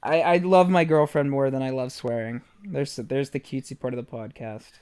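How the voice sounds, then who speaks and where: A man's voice: medium pitch, steady tone, normal speed, darkish tone, smooth. A young man co-hosting a casual podcast, laughing often and rambling with lots of fillers. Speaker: podcast co-host. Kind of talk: casual chat.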